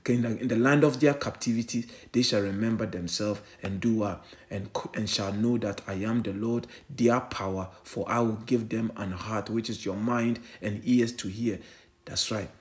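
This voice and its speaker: A man's voice: fairly low pitch, steady tone, normal speed. A man preaching an online sermon in a fervent, repetitive way, often asking "eh?" and addressing listeners as family.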